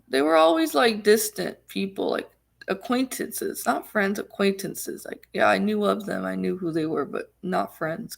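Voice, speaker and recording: A woman's voice: medium pitch, gravelly. A woman vlogger telling a personal story in a rambling, casual way, full of fillers and emphatic repeats.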